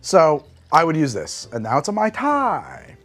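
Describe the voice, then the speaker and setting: A man's voice: on the high side, wildly swooping pitch, unhurried, fairly bright tone, faint music behind. A man chatting casually on a live stream, rambling, swearing freely and thinking aloud as he answers chat.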